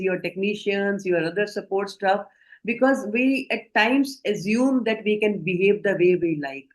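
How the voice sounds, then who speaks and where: A woman with an Indian English accent leads an online training lecture on healthcare communication, explaining things in a measured way and often asking the group questions. Her voice is mid-range. The audio quality is poor.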